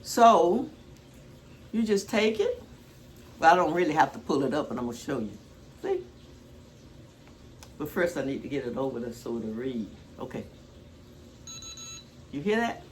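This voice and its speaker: A woman's voice: sits low, big pitch swings, normal speed, long pauses, slight background noise. An older woman talking casually in a rambling, homespun way while cooking in her home kitchen. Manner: chatty, homespun, rambling asides. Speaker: cooking vlogger.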